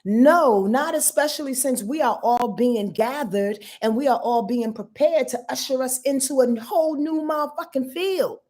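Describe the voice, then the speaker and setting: A woman's voice: high-pitched, normal speed, few pauses, darkish tone. A woman giving a casual live astrology rundown as host of her channel. She talks to her viewers in a blunt, profane, emphatic way and answers their comments as she goes.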